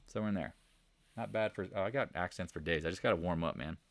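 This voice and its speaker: A man hosting a live market commentary stream, talking in a blunt, animated, sarcastic way. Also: low voice, fast talker, no echo. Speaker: host of a trading channel.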